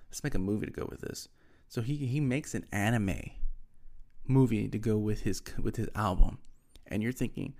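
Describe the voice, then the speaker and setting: A man's voice: lowish voice, creaky, a little mellow. A young man chatting casually on his own, rambling, often losing names mid-thought and filling gaps with ums and likes. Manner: rambling, loses names, many fillers. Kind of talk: casual solo chat.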